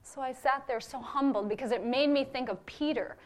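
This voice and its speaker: A woman's voice: high-pitched, brisk. Woman, church member reporting on a ministry trip, heartfelt testimony delivery. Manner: earnest and heartfelt, with fillers. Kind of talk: personal testimony to a congregation.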